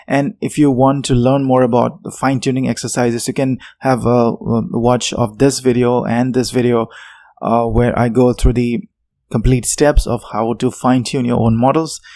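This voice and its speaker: A man talks through a technical tutorial in an unscripted way, pausing on fillers and restarting his sentences. His voice sits at an ordinary middle pitch and sounds dry and close, with no room echo. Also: flat delivery, mellow. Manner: unscripted, many fillers and self-corrections. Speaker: tech tutorial presenter. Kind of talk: explanatory tutorial talk.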